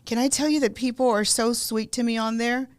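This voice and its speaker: Smooth-voiced middle-aged woman, gentle. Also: on the high side, fairly even intonation, fairly quick. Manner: gentle, reassuring, affirming. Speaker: psychic card reader and co-host. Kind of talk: casual podcast chat.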